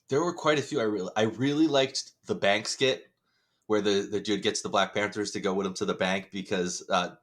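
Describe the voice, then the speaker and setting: A man's voice: fairly low pitch, moderate pace, fairly bright tone. A man co-hosting a podcast in casual chat, who laughs often and repeats himself. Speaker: podcast co-host.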